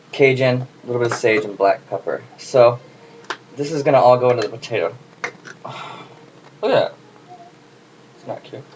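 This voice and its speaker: A man hosting a casual home cooking video, chatty and jokey as he talks to the camera while he works in his kitchen. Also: mid-range voice. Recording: noisy home recording.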